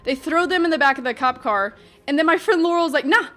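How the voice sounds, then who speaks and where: High, fast-talking young woman vlogger. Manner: animated, chatty, lots of fillers. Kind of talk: storytime vlog.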